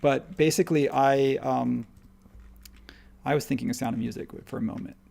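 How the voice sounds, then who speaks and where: A man hosting a live software tutorial, talking casually and upbeat, thinking aloud as he works. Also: medium pitch, fairly even intonation, moderate pace, vocal fry. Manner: rambling, upbeat, thinks aloud while working. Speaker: live stream host and modeling instructor.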